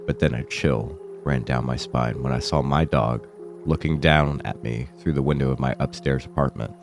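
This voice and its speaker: A man with an extremely deep voice, roughened by sickness, narrates a first-person horror story in a low, somber tone. Faint music plays quietly behind him. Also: steady tone, moderate pace. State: sick, rough voice. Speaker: horror channel host.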